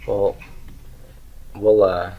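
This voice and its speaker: A man's voice: on the low side, flat delivery, drawn-out words, phone-quality sound. A man teaching Hebrew grammar to a class. He writes on a board as he goes, asks students questions and keeps checking in with "okay?" and "right?". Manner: asks the class questions and answers them himself; writes on a board while he talks.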